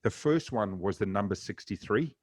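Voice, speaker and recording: A man's voice: on the low side, lively intonation, moderate pace, breathy edge, no room sound, clean studio sound. A man hosting a podcast interview, asking questions casually with frequent hesitations. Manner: casual, hesitant, many ums. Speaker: podcast host.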